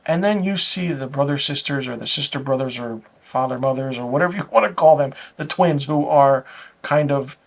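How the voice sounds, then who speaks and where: A man's voice: medium pitch, moderate pace, vocal fry. A man reviewing a TV episode, retelling the plot in a loose, rambling way with restarts and little chuckles. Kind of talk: casual plot recap.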